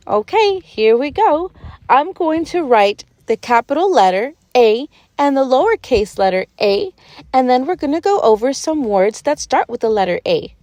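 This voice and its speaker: A gentle gazelle schoolteacher, played by a woman in a cartoon-style toy lesson, speaking slowly and sing-song with a high, lively lilt. She praises her small pupils warmly as she spells out words. Dry, close sound. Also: no room sound. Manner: slow, sing-song and encouraging, praising often. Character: gentle, patient gazelle schoolteacher, adult female. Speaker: preschool teacher.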